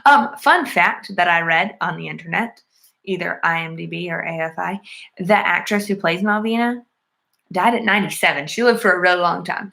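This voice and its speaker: Woman, casual movie reviewer, slightly low voice, rambling and earnest. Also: gravelly, fairly bright tone. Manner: chatty, lots of "like" and "um" fillers; earnest and enthusiastic about the film. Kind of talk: casual plot retelling.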